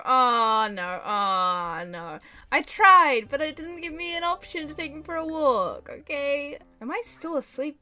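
A woman giving casual let's-play commentary, chatty and excitable, talking to the pets on screen. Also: on the high side. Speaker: gameplay commentator.

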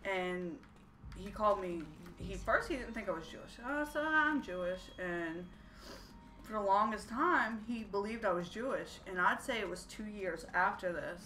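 A woman's voice: mid-range voice, moderate pace, faint music behind. A young woman telling stories casually while playing a game, profane and laughing as she talks. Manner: profane, laughing, animated storyteller. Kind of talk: casual storytelling over gameplay. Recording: roomy, distant, noisy room recording.

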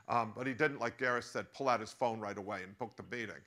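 Forceful American professor telling a story. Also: male voice, fairly low pitch, quick pace. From United States. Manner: animated, anecdotal, with asides. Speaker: professor giving a masterclass. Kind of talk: storytelling lecture to a live audience.

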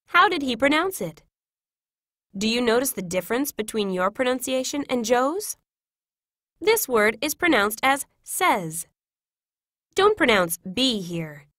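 Woman reading classroom English, lively pitch. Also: dry recording, studio quality. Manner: clear, careful, instructive delivery. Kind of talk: scripted reading of example sentences.

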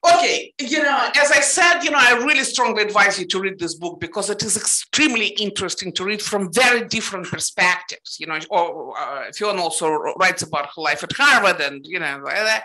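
A woman with a Russian accent and Russian as her first language, moderating an interview in a halting, emphatic way with many fillers. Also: mid-range voice, lively intonation, sharp tone, rough recording. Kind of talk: conversational interview.

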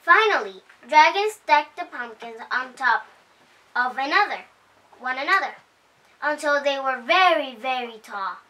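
Woman, storytime host, high and bright, lively read-aloud, slow, cheerful, picture book, heard from a distance. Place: home.

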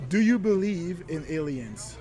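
A man with a strikingly high voice runs a playful street interview outdoors at night. He teases and jokes with the people he stops. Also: expressive, a little slow. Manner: playful, teasing.

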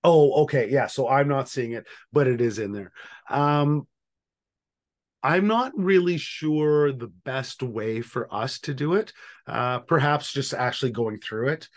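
A man's voice: medium pitch, unhurried. A man leading an online training session for facilitators, talking casually and thinking aloud with fillers.

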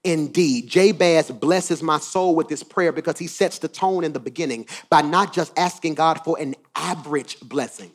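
This male pastor's voice sits on the high side as he preaches. He swings between quiet asides and shouted emphasis, repeating phrases for effect.

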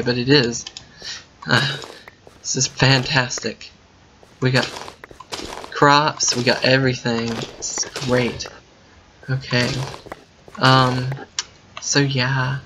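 A man commenting while playing a game, thinking out loud and breaking into excited yelps and gasps. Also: medium pitch, slow, pauses often, background noise. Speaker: gaming video creator. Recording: muffled lo-fi mic with faint keyboard typing.

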